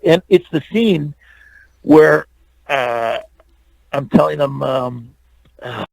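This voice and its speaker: An older man, an actor and stuntman, telling lively anecdotes as a guest in an interview. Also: a little high, takes it slowly, gravelly, no room sound, low-quality recording. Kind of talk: storytelling interview.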